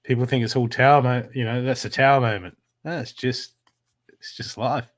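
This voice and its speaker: A man's voice: mid-range voice, steady tone, moderate pace. A man giving a live spiritual card reading, talking in an emphatic, repetitive coaching way. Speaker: intuitive card reader.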